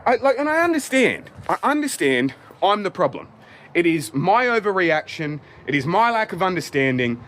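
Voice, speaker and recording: A man's voice: sits high, big pitch swings, normal speed, fairly bright tone. Agitated swearing Australian man ranting. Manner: swearing, agitated, rambling with many "like"s. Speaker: vlogger. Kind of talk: angry vlog rant.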